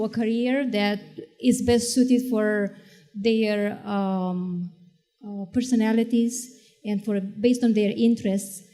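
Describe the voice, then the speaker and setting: A woman educator talks on a discussion panel in a mellow, relaxed voice. She is thoughtful and measured, often pausing with small fillers as she builds her point. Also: medium pitch, long reverb tail.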